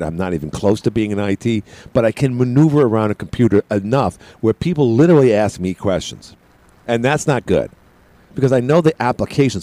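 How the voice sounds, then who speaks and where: A man's voice: fairly low pitch, warm tone. A middle-aged man hosting a call-in radio show, rambling along and often stammering and repeating his words. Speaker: radio talk show host.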